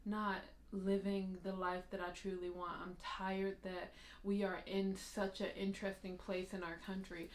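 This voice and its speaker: A woman's voice: medium pitch, completely flat delivery, moderate pace, slight background noise. A woman from the United States hosting a confessional vlog, talking candidly and laughing through tired, tearful admissions. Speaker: vlog host. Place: her apartment. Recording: roomy apartment echo.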